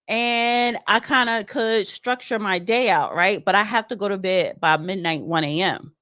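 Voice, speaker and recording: A woman's voice: mid-range voice, moderate pace, few pauses, sharp tone, dry recording. Chatty opinionated woman, dry. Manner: chatty, opinionated, reads articles aloud with asides. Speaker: political commentary host. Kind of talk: casual solo commentary, reading news aloud.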